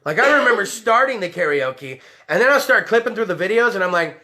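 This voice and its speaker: Rowdy tipsy guy hosting a stream, high voice that jumps all over, swears nonstop. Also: very animated, fast talker, few pauses, bright, forceful tone. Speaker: podcast host. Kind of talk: loose profane live-stream chat.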